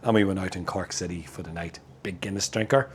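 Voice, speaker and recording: A middle-aged man from Northern Ireland, with the accent to match, reviews a beer out in his backyard, chatting casually and laughing. His voice is low and brisk, and there's a little hiss or hum on the recording.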